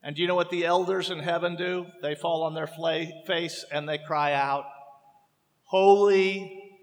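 A man preaching a sermon with impassioned, dramatic emphasis, slowing down to stress key words. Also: on the high side, flat delivery, fairly bright tone, echoey room, in a large hall. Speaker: pastor.

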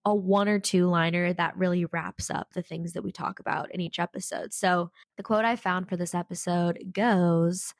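A woman's voice: on the low side, dry recording, studio quality. Peppy woman podcast host with a cold. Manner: energetic, peppy, says frickin' a lot. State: sick with a cold. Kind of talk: casual self-help podcast monologue. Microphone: studio podcast mic.

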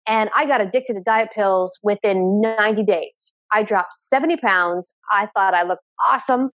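A woman addiction therapist, guest on an interview podcast, telling her own story in an animated way and repeating phrases for emphasis. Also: on the high side, no echo. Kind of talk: conversational interview.

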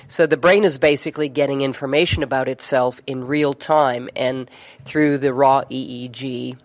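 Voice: medium pitch, steady tone, moderate pace. A neurofeedback therapist telling a story in conversation, chatty, with frequent fillers and restarts.

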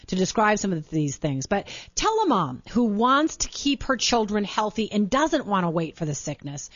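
A woman's voice: mid-range voice, very animated, normal speed. A woman from Minnesota hosting a talk show, gushing and enthusiastic and laughing often. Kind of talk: casual talk show interview. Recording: dull muffled broadcast audio.

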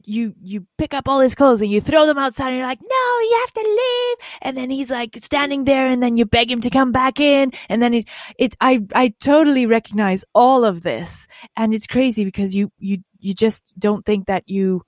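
A woman hosting a podcast conversation, speaking in a halting, emphatic way with many restarts. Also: a little high, no room sound, clean studio sound. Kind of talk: candid conversation.

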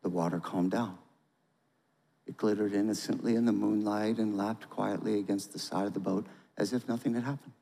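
A male pastor giving a sermon, reading a storybook aloud in a dramatic, animated way and asking listeners to respond. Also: on the low side, moderate pace, gravelly. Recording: long hall reverb.

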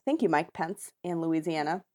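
A woman's voice: low-pitched, lively intonation, normal speed, a little mellow. A woman co-hosting a podcast in casual chat, chatty and sarcastic, laughing often. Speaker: podcast co-host.

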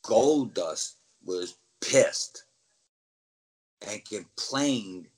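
Speaking extremely slowly in a fairly low, slightly rough voice, this middle-aged ex-wrestler recounts backstage stories as a guest in a casual interview. He performs the voices of those he describes and breaks into yells, all captured in a low-quality recording.

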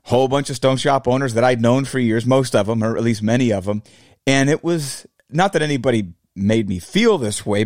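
A man in his forties talks through a casual solo podcast episode, reflective and direct with his listeners. His voice sits at an ordinary middle pitch. The sound is dry and close, with no room echo. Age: 40s. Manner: reflective, addresses listeners as fellow fabricators. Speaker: podcast host.

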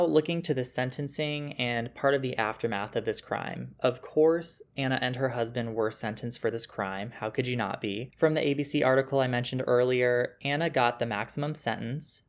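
A man hosting a true crime podcast, telling the story in a casual, conversational way, thinking aloud with asides and restarts. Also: mid-range voice. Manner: reads quotes from news articles.

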